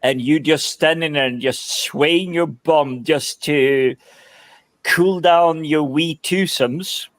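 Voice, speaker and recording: A man's voice: a little high, slow pace, dry recording. A man hosting a casual panel chat, cheeky and prone to repeating words. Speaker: host.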